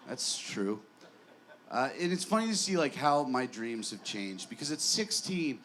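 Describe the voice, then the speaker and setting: A young man working a stand-up set in a small bar, mid-pitched and rambling, mocking himself and restarting his sentences. A faint noise sits under the voice. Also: fairly bright tone. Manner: rambling, self-deprecating, with stammered restarts. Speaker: stand-up comedian.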